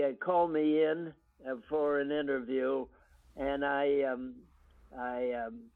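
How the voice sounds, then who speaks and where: An older American man, a guest actor, reminiscing in an interview with unhurried storytelling full of ums and restarts. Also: mid-range voice. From United States. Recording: tinny phone-line audio.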